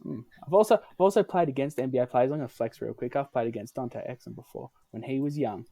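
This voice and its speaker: A man's voice: mid-range voice, fast, mellow, dry recording. A young Australian man co-hosting a podcast, chatting casually in a rambling, hesitant way with many ums. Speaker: podcast co-host. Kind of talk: casual chat.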